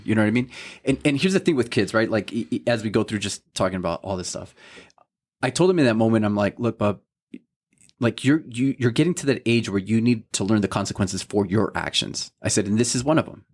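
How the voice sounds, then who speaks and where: A thirties man co-hosts a faith podcast, his voice low-leaning and brisk. In casual, earnest chat he tells a story about his son, quoting what everyone said and saying "you know what I mean" a lot, with a heartfelt parental tone.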